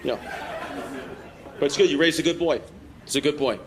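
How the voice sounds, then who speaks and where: A man's voice: fairly high pitch, normal speed. A man doing brash, teasing crowd work as a stand-up comedian in front of a live audience. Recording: live room with crowd laughter and noise.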